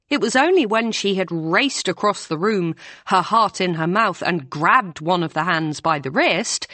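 A woman reading a novel aloud in an even, measured storytelling manner. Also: on the low side, dry recording. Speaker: audiobook narrator. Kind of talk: scripted narration.

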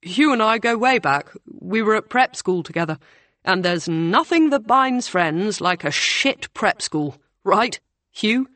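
A man's voice: sits high, expressive, a little slow, pushed and bright, no echo, pitched above the performer's own voice, exaggerated voice. A woman reading the part of a breezy, confident young man student.

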